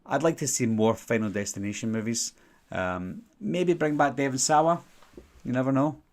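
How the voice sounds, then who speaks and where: A man's voice: medium pitch, normal speed, darkish tone. Glaswegian man answering live questions. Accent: Glaswegian Scottish. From Scotland. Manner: casual, rambling, filler-heavy. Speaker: channel host. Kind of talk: live-stream Q&A, reading viewer questions.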